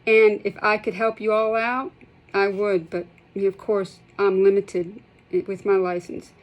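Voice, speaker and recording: A woman's voice: medium pitch, level tone, a little slow, a little hiss or hum, rough recording. A middle-aged woman, speaking in an emotional vlog, impassioned and upset, shaky and close to tears, repeating herself and restarting sentences. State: shaky, holding back tears. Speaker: healthcare provider sharing her withdrawal experience.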